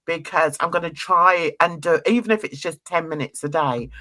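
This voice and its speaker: A woman's voice: sits low, moderate pace, pushed and bright. A woman reviewing a reality TV show in casual commentary. She sounds gossipy and blunt, laughs often, and uses cheeky slang.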